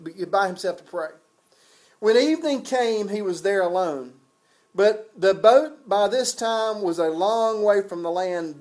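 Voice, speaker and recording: A man's voice: sits high, a little mellow. A man preaching a sermon in a folksy, conversational way, often restarting his sentences. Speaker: pastor.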